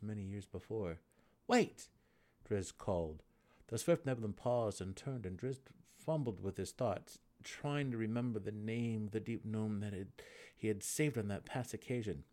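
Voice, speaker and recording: A man narrating a dramatic fantasy audiobook reading in a measured, dramatic manner. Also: lowish voice, dark tone.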